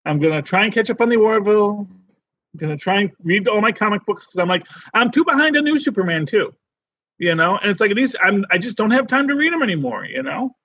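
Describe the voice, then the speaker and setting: A man co-hosting a podcast in casual chat, rambling and animated with many restarts. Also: high-pitched, a little fast, dry recording, highs cut off. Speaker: podcast co-host.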